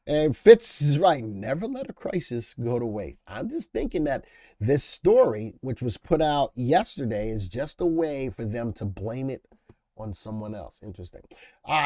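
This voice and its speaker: A man's voice: mid-range voice, mellow, no echo. A man hosting a live stock market stream, reading news headlines aloud and riffing casually on them while answering viewers in the chat. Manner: chatty, reads headlines then riffs, addresses chat viewers by name. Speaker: livestream market show host.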